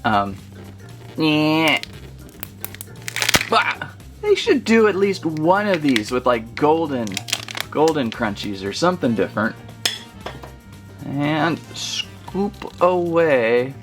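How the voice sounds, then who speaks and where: A man's voice: fairly high pitch, sing-song, slow, music in the background. A man chatting his way through a casual toy unboxing review, rambling and easily amused.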